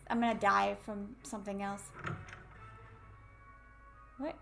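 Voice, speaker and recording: A woman's voice: a little high, moderate pace, creaky. A woman commentating a horror game let's play, jumpy, laughing and swearing at the scares. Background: game music.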